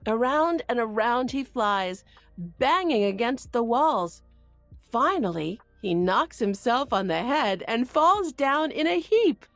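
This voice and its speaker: A woman reading a children's picture book aloud in an expressive way. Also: no room sound, soft background music. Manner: expressive and slow, very lively pitch. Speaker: read-aloud narrator.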